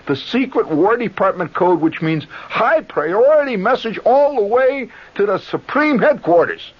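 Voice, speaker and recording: Animated high-voiced male radio storyteller. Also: a little slow. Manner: animated, sound effects, voices. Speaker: radio monologist. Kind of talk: storytelling monologue. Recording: dull lo-fi 1970s radio broadcast. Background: music.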